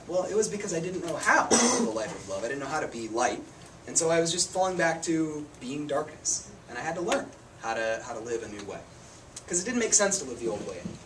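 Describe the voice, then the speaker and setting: A man's voice: fairly high pitch, lively intonation, fast talker. A man giving a casual, conversational sermon, telling stories about himself with self-deprecating humor. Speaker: preacher. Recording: distant mic with noticeable room noise.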